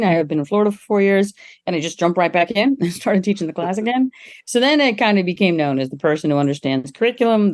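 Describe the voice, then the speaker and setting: Lively middle-aged woman telling stories. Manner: lively, acts out quoted people with jumps in pitch; laughs often while telling stories. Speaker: guest. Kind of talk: casual interview storytelling.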